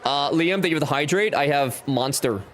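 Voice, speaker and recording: A man's voice: a little high, normal speed. A man streaming a game live, chatting casually, joking around and reading out chat messages. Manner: jokey, animated, reads chat aloud.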